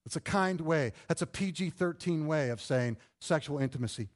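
A middle-aged male pastor giving an animated, conversational sermon full of rhetorical questions. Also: a little high, normal speed, few pauses.

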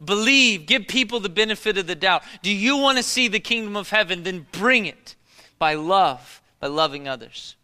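A man preaching a sermon as a pastor, moving between loud, repeated exhortations and hushed, quiet storytelling. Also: high voice, expressive, normal speed. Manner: repetitive preaching cadence.

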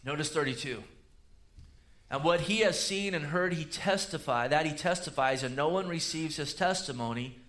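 A man preaching a sermon, swinging between loud emphatic rises and low quiet asides. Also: moderate pace. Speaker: pastor.

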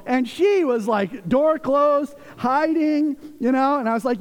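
A man in his forties preaching a sermon in a church, talking in a conversational, animated way with playful storytelling asides. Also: extremely high pitch, normal speed, hardly any pauses. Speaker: pastor. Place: church sanctuary. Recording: long reverb from a church hall.

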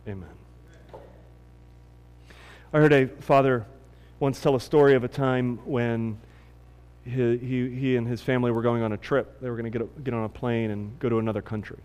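A man's voice: brisk, clean tone. Preaching man in an echoing hall. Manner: animated preaching, voice rising high and loud at peaks. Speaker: pastor. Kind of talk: sermon.

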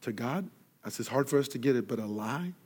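A man preaching a sermon, telling a story and acting out each person in it, rising loud when excited and falling soft and quiet for earnest points. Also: mid-range voice, fast, slightly rough. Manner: animated storyteller, acts out dialogue, grows loud in excitement. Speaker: pastor.

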